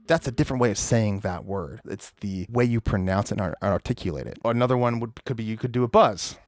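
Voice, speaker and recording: A man's voice: lowish voice, quick pace, over loud music. A man teaching a drum lesson, talking straight to the viewer and singing drum patterns out in scat syllables. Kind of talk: instructional talk to camera. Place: recording studio.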